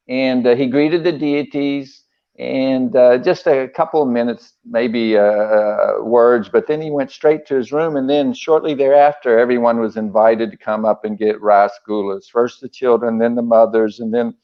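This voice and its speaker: Older man, emotional storyteller, halting with fillers, dull lo-fi sound. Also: mid-range voice. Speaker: guest recalling memories. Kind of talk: casual storytelling interview.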